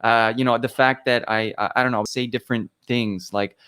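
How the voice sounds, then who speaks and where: A young man rambles through a personal story in a loose podcast chat. He keeps circling back with fillers and restarts, and his voice sits at an everyday middle pitch. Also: steady tone, moderate pace, pushed and bright, clean tone. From Canada. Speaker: podcast guest. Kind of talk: casual chat.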